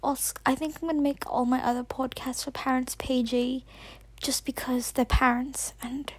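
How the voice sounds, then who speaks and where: A woman's voice: sits high, little pitch movement, moderate pace, slightly rough, dry recording. A woman hosting a podcast in a put-on British accent, rambling nervously with whispered asides and self-corrections. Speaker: podcast host. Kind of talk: casual rambling monologue.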